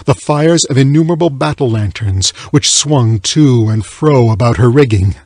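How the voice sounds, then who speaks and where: Husky-voiced man reading a somber tale. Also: no echo, clean studio sound. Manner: measured, low, somber reading. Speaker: audiobook reader. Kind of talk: scripted narration of a classic tale.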